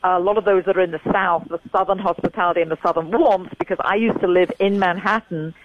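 A woman in her sixties from England, with an English accent, is a guest in a remote interview and keeps repeating her points for emphasis. Her voice sits on the low side with a steady tone and a quick pace. The audio is dull, with noise in the background.

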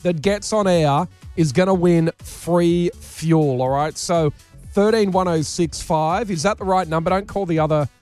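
High-voiced Australian radio host. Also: male voice, measured pace, a little mellow, faint music behind. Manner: teasing, jokey. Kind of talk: casual radio banter. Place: radio studio.

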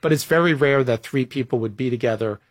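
A man's voice: medium pitch, quick pace, no echo. A man in his fifties speaking as an interview guest, thoughtful and a little self-deprecating, sometimes restarting his phrases. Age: 50s. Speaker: guest executive. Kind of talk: conversational interview answers.

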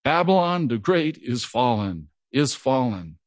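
A middle-aged pastor gives an earnest, lively verse-by-verse Bible teaching, noting that he stutters and sometimes repeats words. His voice is mid-range and unhurried, and the recording is dry.

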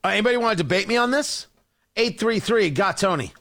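A man's voice: sits high, expressive, fast talker, fairly bright tone. A man hosting a talk radio show, delivering a combative, mocking political monologue.

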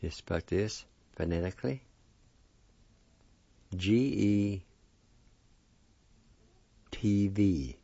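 A man teaching a vocabulary lesson, spelling and pronouncing each word slowly and patiently, repeating it several times. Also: on the low side, vocal fry, mellow, slightly rough, no room sound. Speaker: language teacher. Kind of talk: slow spelling and pronunciation lesson. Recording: dull lo-fi recording.

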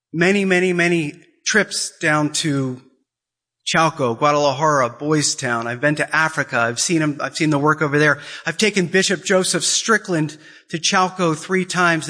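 A man giving an impassioned sermon-style talk, emphatic, repeating phrases and climbing high in pitch in bursts. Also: pushed and bright. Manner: acts out quoted voices. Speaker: Catholic speaker.

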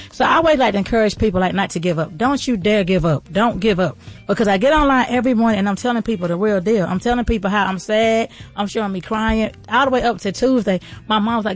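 A woman delivers a motivational faith-based talk at a brisk clip. Her delivery is casual and folksy, rising into fervent, preacher-like encouragement. Faint music plays beneath her voice. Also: fairly high pitch. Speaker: podcast host and entrepreneur.

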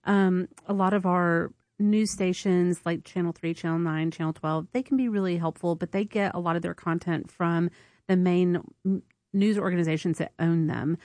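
A woman's voice: on the low side, fairly even intonation, moderate pace, darkish tone, no echo. A woman hosting an on-air fundraiser at a community radio station, chatty and upbeat. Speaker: public radio host. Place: radio studio. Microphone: studio microphone.

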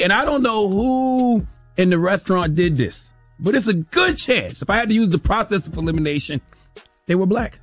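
A man hosting a radio show, giving comedic commentary in a mocking voice that swings from low asides to high shouted impressions. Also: dry recording.

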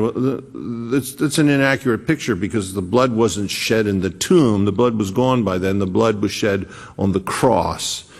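A low-voiced preacher with a gravelly, creaky edge, delivering a sermon in an unhurried, earnest storytelling manner. He often restarts his sentences as he goes. A long reverb trails after his words, as in a large hall.

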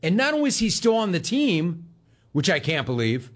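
A man's voice: high-pitched, wildly swooping pitch, moderate pace. A man hosting sports talk, ranting sarcastically and mocking the people he talks about. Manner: sarcastic, mocking, swings between shouting and mimicry. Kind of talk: sports talk radio rant.

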